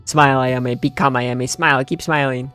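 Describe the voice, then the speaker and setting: A man reading aloud the lines of a weary young female student council president from a game, in a flat voice. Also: medium pitch, normal speed, clean tone, soft background music, lightly acted.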